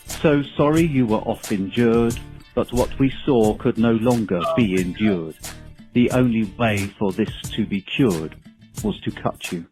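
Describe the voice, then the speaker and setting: A man with an English accent calling into a show to recite a comic rhyming farewell poem in a measured, mock-solemn way. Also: medium pitch, darkish tone, rough recording. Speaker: caller.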